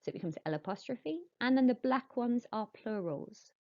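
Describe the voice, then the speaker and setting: A woman teaching French to young pupils, modelling each word slowly and clearly and explaining in patient, encouraging teacher talk. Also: on the high side, expressive, lo-fi sound. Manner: slow, clear modelling of words for pupils to repeat. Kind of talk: recorded classroom lesson.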